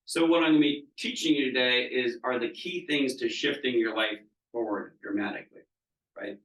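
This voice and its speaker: A man's voice: mid-range voice, normal speed, fairly bright tone. A man leads a training session as a business coach, speaking conversationally and often checking whether the room is following. His voice sits in a middle range. He is picked up from some distance in an echoey seminar room. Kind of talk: live training talk to a group. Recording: roomy room, mic at a distance.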